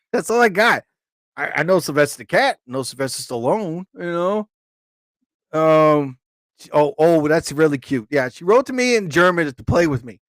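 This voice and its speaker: Man, live stream host, casual, rambling, jokey, high voice, dry sound. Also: big pitch swings, a little slow, no echo. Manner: rambling, jokey, talks to viewers.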